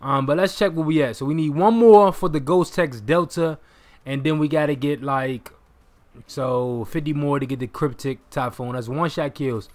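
Young male gamer, live commentary; slightly high voice, excitable, curses and yells at plays. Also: normal speed. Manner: excitable, swears, bursts into shouts. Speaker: gaming commentator.

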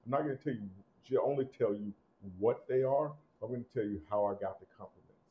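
Man, fragrance-review host, emphatic, loud bursts then quiet asides, muffled audio. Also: brisk, a little hiss or hum. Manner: animated, emphatic, swings between loud punches and low asides.

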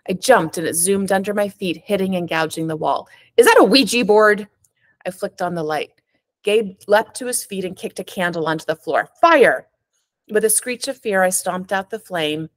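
A woman author, reading her own fiction expressively over a video call from home, then chatting. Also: no room sound. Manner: expressive reader with sharp rises in pitch on dialogue. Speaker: author and guest. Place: home with a cat.

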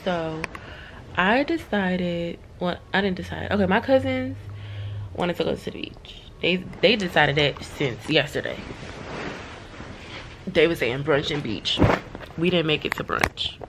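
A woman's voice: fairly low pitch, lively intonation, unhurried, long pauses, background noise. A woman vlogging from her hotel room, venting to her viewers in a frustrated, swearing, casual way.

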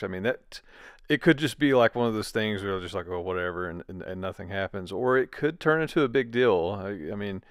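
A man's voice: fairly low pitch, a bit bright, no echo, clean studio sound. A man co-hosting a casual commentary chat, joking and rambling with many fillers. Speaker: co-host.

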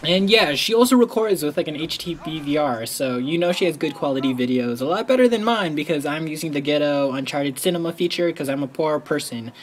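Rambling, excitable young-sounding man. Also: brisk, hardly any pauses. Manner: rambling, excitable, heavy use of "like"; bursts into high squealing when quoting himself. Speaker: gameplay commentator. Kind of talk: casual game commentary.

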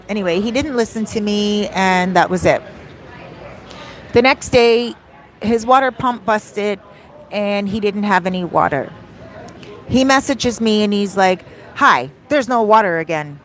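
A woman vlogger casually telling her live viewers a story, animated and chatty, with an exasperated edge. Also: mid-range voice. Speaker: vlogger, host of a live stream.

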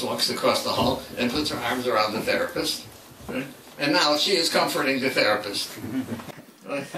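An older man speaks to an audience, telling his story and voicing the people in it. His voice is bright and a little high for a man. He sounds far from the mic in an echoey hall with faint noise behind him. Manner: anecdotal, acts out quoted dialogue. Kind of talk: public talk with storytelling.

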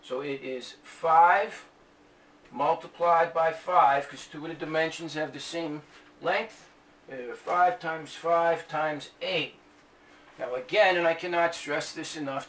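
Bright-voiced joking male math teacher. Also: fairly high pitch, a little slow. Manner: chatty, tells jokes between steps. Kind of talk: classroom math lesson with jokes. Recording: echoey room, mic at a distance, faint hiss.

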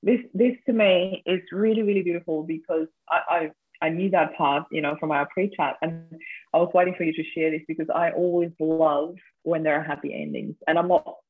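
Woman host, effusive and affirming, slightly husky, heard over a tinny call line. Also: sits low, fairly even intonation, a little fast. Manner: warm affirmations, gushing. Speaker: interview host. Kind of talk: supportive interview chat.

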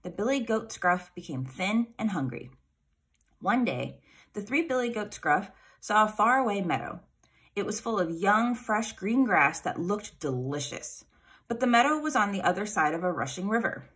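A woman reading a children's fairy tale aloud in an expressive, animated way. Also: medium pitch, normal speed, breathy edge. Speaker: storyteller.

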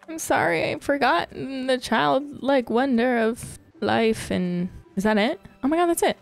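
A woman hosting a casual let's-play, chatting excitedly and squealing little cheers as she plays. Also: sits high, a little slow, gravelly, soft background music. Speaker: gaming channel host.

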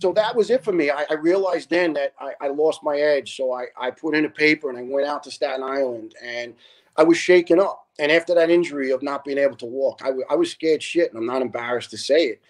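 A middle-aged retired fire lieutenant, a guest in a casual interview, telling stories earnestly and acting out the people in them. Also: male voice, fairly high pitch, quick pace, poor audio. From New York. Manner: earnest storyteller, quotes people in their own voices.

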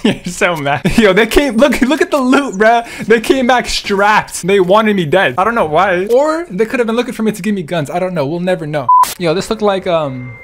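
A young man giving excitable gameplay commentary, laughing and yelling at opponents, with game music and gunfire behind him. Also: sits high, moderate pace, slight background noise. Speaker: gaming YouTuber.

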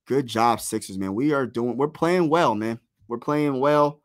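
A man's voice: medium pitch, unhurried. Give me a man hosting a casual live play-by-play stream. He's hyped and slangy, cheering on his team, and he calls out viewers in his chat. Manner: excited partisan, slangy, talks to chat. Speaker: livestream play-by-play host.

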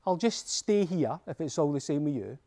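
A man's voice: on the high side, expressive, normal speed, mellow. A man with a Scottish accent voicing an eager, polite young boy on a quest. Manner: eager and cheeky.

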